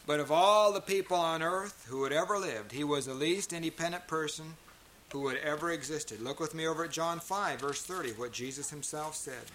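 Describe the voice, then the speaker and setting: A pastor preaching a sermon to a congregation, emphatic and full of rhetorical questions. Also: male voice, on the high side, normal speed, a bit bright, slight background noise. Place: church meeting.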